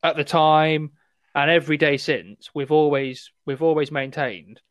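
A rambling man hosting a relaxed chat, his voice sitting a little high. He talks loosely with plenty of fillers. The sound is dry and close. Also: unhurried, no echo. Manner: rambling, laughing, many fillers. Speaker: podcast host. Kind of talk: casual chat.

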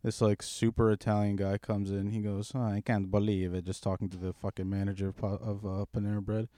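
Low-voiced young man, profane storyteller. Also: flat delivery, a little fast, mellow, dry recording, clean studio sound. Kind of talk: casual chat.

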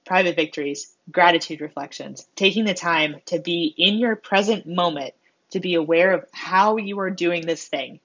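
A woman delivering a motivational monologue, expressive and self-mocking, acting out the voices she quotes. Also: fairly low pitch, moderate pace. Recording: slightly dull lo-fi sound.

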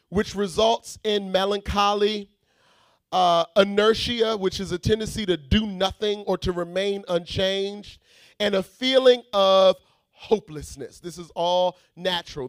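A man preaching a sermon, swinging from shouted prayer to quiet teaching and calling out to the congregation. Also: high-pitched, no room sound, clean studio sound. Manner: calls out to the congregation.

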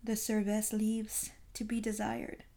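A woman's voice: a little high, flat delivery, normal speed, dark tone, natural voice. A woman voicing a fussy elderly male detective who speaks precisely and drops in French phrases. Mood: calm, superior. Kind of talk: audiobook character reading.

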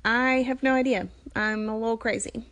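A woman's voice: on the high side, fairly even intonation, moderate pace, fairly bright tone, no echo. A woman from Alabama with a Southern American accent, chatting casually in a phone call-in, friendly and full of fillers. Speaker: new podcast app user on call-in.

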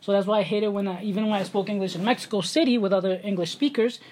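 A woman's voice: mid-range voice, fast, a little mellow. A young New York woman with a thick local accent chats on a podcast, loose and unscripted. She laughs a lot, swears freely and keeps turning to her listeners as guys. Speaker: podcast co-host. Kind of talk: casual chat.

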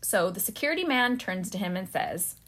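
A British woman co-hosting a podcast, chatting casually and telling a funny story with giggles and quick asides. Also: medium pitch, animated, a bit bright. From Britain. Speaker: podcast co-host. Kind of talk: casual chat.

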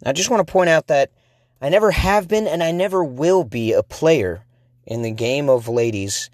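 A man's voice: a little high, lively intonation, normal speed. Rambling self-deprecating male podcaster. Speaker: podcast host. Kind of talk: casual storytelling monologue.

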